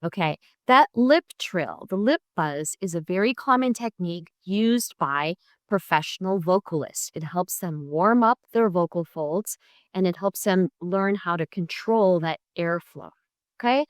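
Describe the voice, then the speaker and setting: Middle-aged woman, lecturing teacher type, slightly low voice, dry close computer mic. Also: expressive, unhurried, no room sound. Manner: clear, patient teaching, checks in with "right?" and "okay?". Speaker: music therapy professor. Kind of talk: online lecture with vocal exercises. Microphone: computer mic on a video call.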